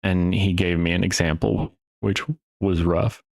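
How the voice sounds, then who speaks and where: A man with a fairly low voice hosting a podcast monologue, taking his time over each thought. He drifts, restarts his sentences and drops a casual curse here and there. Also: little pitch movement, vocal fry, a little mellow. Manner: rambling and profane, with restarts and trailing pauses. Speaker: podcast host.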